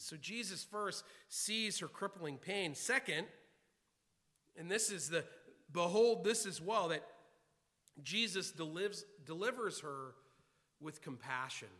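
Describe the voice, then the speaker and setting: A man's voice: high-pitched, expressive, slow pace, pushed and bright. A man preaching a sermon to his congregation, emphatic and repetitive, often restarting his words. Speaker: pastor. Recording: long hall reverb.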